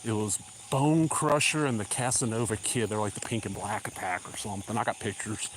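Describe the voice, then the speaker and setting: This Southern man, a vlogger, chats on a walking live stream along an outdoor country road, a bit out of breath, rambling with casual, drawling asides. He speaks a little fast in a fairly low, steady tone over background noise of crickets and insects.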